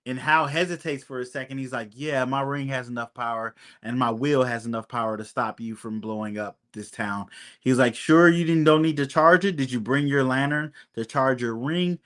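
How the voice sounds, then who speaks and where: A man's voice: mid-range voice, normal speed, fairly bright tone. A man on a podcast casually recapping a TV episode, acting out the characters' lines as he retells them, with frequent ums. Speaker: podcast co-host.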